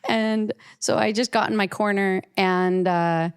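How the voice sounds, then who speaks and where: A woman's voice: medium pitch, fairly even intonation, moderate pace, clear, resonant tone. A woman artist telling an earnest, emotional personal story as an interview guest, often restarting and repeating her words.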